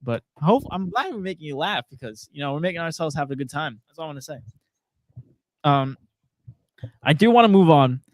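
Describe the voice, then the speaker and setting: A man's voice: on the high side, animated, fairly quick, long pauses, no room sound. Laughing young man reading chat comments. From Portuguese family. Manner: laughs often, reads viewer comments aloud. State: frog in his throat. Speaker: podcast co-host. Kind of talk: casual sports podcast chat.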